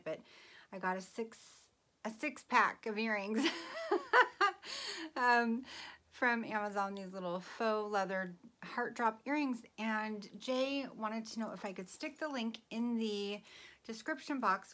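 Slow-talking giggly woman vlogger. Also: medium pitch. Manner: chatty, giggly, gushing, drifts into soft whispers. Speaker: vlogger showing gifts. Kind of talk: casual chatty haul video. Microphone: phone.

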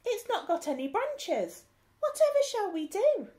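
A woman's voice: high-pitched, huge pitch swings, extremely slow, mellow, pitched above the performer's own voice, full character voice. Woman doing Stew, a squealing panicky sailor. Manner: squealing, alarmed cries. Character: panicky young male sailor, always fretting.

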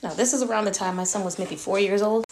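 A woman's voice: mid-range voice, fast talker, a little mellow, slight background noise. A mother telling a story to camera in an earnest, emphatic way.

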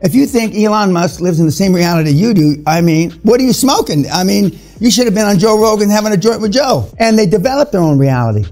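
An older man in his seventies, speaking with a slightly raised pitch as he lectures a seminar room. His talk is blunt, profane and confrontational, full of fillers. Faint music plays underneath. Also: expressive, fast, few pauses, darkish tone. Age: 70s.

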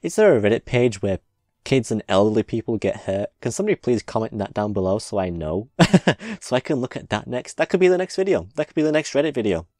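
A man's voice: fairly low pitch, sing-song, fast, mellow, no room sound, clean studio sound. A man hosting a reaction video, commenting casually on clips, laughing often and swearing freely.

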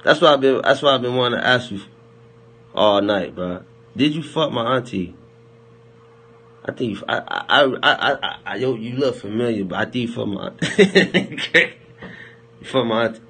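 A man's voice: mid-range voice, expressive, normal speed, pauses often, pushed and bright, slightly rough. A young man chatting loosely on a phone livestream, rambling, laughing and teasing his viewers in heavy slang. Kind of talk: loose joking livestream chat.

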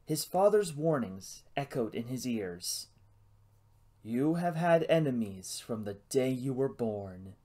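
A man narrating a novel as an audiobook in a hushed, suspenseful reading. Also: medium pitch.

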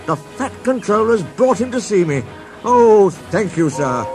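A man's voice: high voice, very animated, a little slow, darkish tone, faint music behind, voice pushed up. A man voicing a big, proud male express engine who speaks earnestly in a storybook tale. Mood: eager.

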